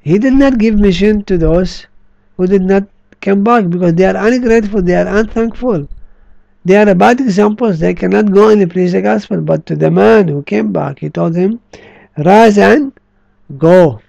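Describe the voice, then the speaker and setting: A man preaching a sermon, slow and emphatic, drawing out key words. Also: sits high, creaky, mellow, no room sound, lo-fi sound.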